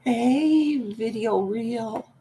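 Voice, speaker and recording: An older woman hosts a laid-back livestream from home, talking into her laptop's microphone. Her voice is gravelly and mellow, and she speaks slowly. She is chatty and playful and greets her viewers one by one. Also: fairly high pitch, slight background noise. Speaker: livestream host. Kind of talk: casual livestream chat.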